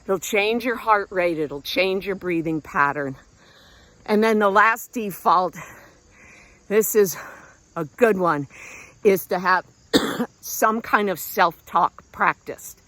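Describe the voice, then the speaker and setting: A woman's voice: mid-range voice, slow, pauses often, fairly bright tone, no echo. A middle-aged woman talking casually while walking outdoors, encouraging and a little out of breath. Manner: encouraging, conversational, breathing hard while hiking. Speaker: vlog host and self-help speaker. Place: outdoors walking around a lake.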